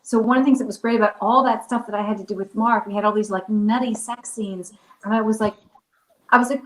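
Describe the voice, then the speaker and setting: A woman's voice: medium pitch, fairly even intonation, fast talker. An actress guest on a video call, chatty and gushing as she praises a co-star. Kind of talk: casual anecdote on a video call. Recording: echoey room.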